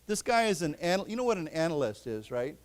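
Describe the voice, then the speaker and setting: A man teaching English to a class, explaining words and repeating them slowly for his students. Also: a little high, very animated. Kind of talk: classroom lesson. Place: library lecture room.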